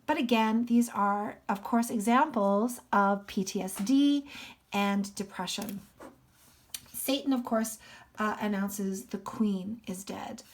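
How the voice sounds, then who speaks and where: A woman teaching a literature lesson, explaining casually with many fillers. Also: medium pitch. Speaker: English teacher.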